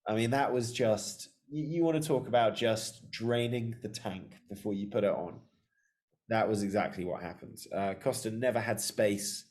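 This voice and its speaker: A man with a low voice co-hosts a podcast, talking casually and steadily. He steers the chat from one point to the next with easy slang. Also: moderate pace, darkish tone. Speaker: podcast co-host.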